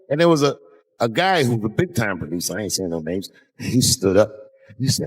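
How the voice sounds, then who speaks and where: A man's voice: on the low side, very animated, brisk, slightly rough. A man telling a long, profane story on stage as a stand-up comedian.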